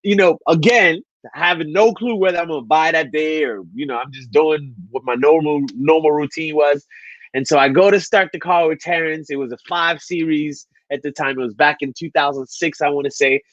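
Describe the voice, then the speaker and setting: A man with a fairly high voice tells a motivational story with animated energy, acting out both sides of the dialogue. The sound is dry and slightly muffled. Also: moderate pace, no room sound. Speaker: speaker at a men's online event.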